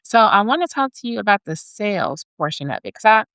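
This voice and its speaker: A woman podcast host with a smooth, clear voice that sits somewhat low. She lays out her points as lists and checks in with her guest along the way. The sound is dry and close. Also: very animated, fast, a bit bright, no room sound, rough recording. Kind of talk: podcast interview. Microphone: podcast studio mic.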